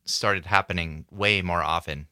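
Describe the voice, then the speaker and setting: A man on a phone-in, musing in a chatty way. His voice is very low yet bright and forward, heard close and dry. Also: steady tone, measured pace, no room sound. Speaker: caller. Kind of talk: phone-in call.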